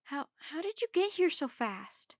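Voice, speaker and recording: A woman reading aloud, voicing an earnest, excitable young boy in a children's story. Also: a little high, normal speed, no room sound, studio quality.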